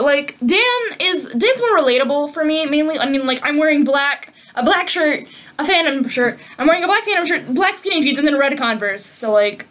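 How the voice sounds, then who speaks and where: A woman's voice: high-pitched, sharp tone. A young woman chatting casually with a friend, giggly and rambling, jumping from thought to thought. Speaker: vlogger answering questions. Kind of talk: casual chat. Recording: faint background noise.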